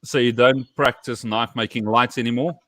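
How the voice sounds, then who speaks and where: A man's voice: medium pitch, steady tone, moderate pace, a bit bright, no echo. A man hosting a casual panel chat on a video call, jovial and teasing with his guests. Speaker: podcast host.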